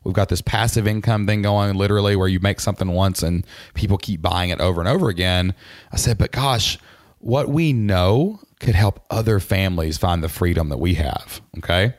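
Very deep-voiced man telling his story. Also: moderate pace, no echo, studio quality. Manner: chatty, animated storyteller full of fillers. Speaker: podcast guest, entrepreneur. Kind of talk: casual storytelling interview.

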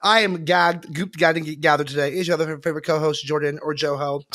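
Sassy cohost guy, slightly high voice, dry close mic, lots of slang. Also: steady tone, a little fast, pushed and bright, dry recording. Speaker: podcast co-host. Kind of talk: casual chat.

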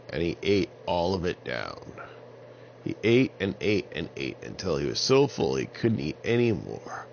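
A man narrating an improvised children's story in an animated way. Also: low-pitched, vocal fry. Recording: slightly dull lo-fi sound with faint hiss.

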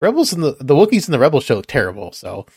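A man hosting a podcast in casual chat, rambling and halting and chuckling often. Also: mid-range voice, huge pitch swings, a little mellow, breathy edge, dry recording, clean studio sound. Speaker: podcast host.

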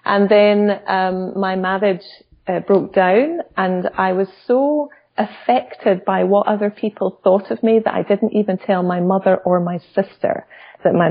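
A woman's voice: mid-range voice, creaky, slightly rough. A Scottish woman guest, a coach, telling her story candidly and reflectively. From Scotland. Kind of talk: interview storytelling. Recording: dull lo-fi audio.

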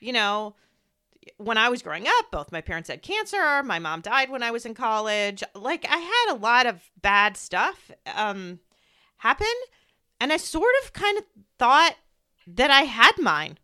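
A woman's voice: fairly high pitch, big pitch swings, measured pace, bright, forceful tone, clean tone. A woman who hosts a podcast and works as a pediatrician speaks in a reflective, candid way. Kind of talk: podcast conversation.

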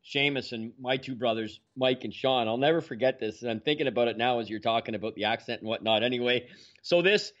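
A man eases into a long family story, measured and meandering. His voice sits at a middle pitch. The recording is somewhat dull and muffled. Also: a bit bright. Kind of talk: casual storytelling in conversation.

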